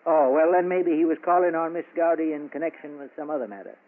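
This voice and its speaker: An actor playing a nosy, rambling small-town druggist with a drawling, homespun way of talking, in 1940s radio comedy style. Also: male voice, on the high side, fairly even intonation, fast talker, lightly acted. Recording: tinny old radio broadcast.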